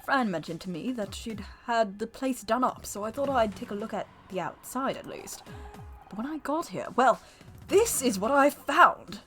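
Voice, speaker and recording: A woman's voice: fairly high pitch, animated, moderate pace, a bit bright, faint music behind. A woman voicing a flamboyant British gay male makeup artist, reading game dialogue in a put-on British accent with a theatrical drawl. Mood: dramatic.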